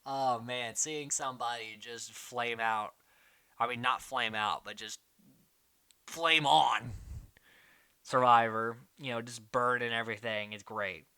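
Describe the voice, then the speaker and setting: A man hosting a casual recap, chatting quickly and mimicking the people he quotes. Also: medium pitch, fairly even intonation, pushed and bright, clear, resonant tone. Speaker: podcast host recapping a reality show.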